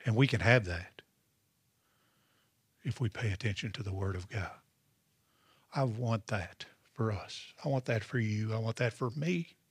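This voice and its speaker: A man's voice: lowish voice, normal speed, long pauses, breathy edge, no room sound. A male pastor preaching a sermon, calling out to the congregation for responses. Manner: preaching with call-and-response asides.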